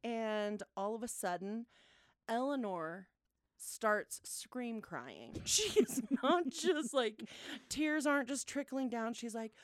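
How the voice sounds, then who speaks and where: A woman in her thirties co-hosting a podcast, telling a story in a lively way, often laughing and acting out what people said. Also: on the high side, slow, no echo, clean studio sound. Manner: animated, laughing often, acts out quotes. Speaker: podcast co-host. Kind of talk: casual storytelling chat.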